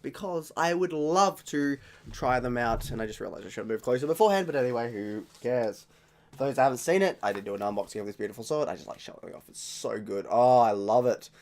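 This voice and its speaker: On his channel, a young Australian guy tastes beers and talks casually, his medium-pitched voice a little mellow. He rambles in a chatty way and keeps correcting himself.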